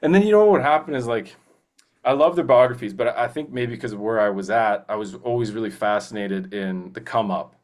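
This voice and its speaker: A male voice actor, a guest in a casual interview, chatting eagerly and rambling with many fillers and restarts. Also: fairly low pitch. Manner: slips into quick movie-character impressions.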